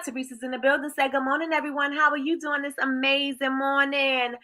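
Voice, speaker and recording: A woman hosting a casual live stream, warmly greeting viewers by name with lively, sing-song shout-outs. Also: sits high, normal speed, poor audio. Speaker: livestream host.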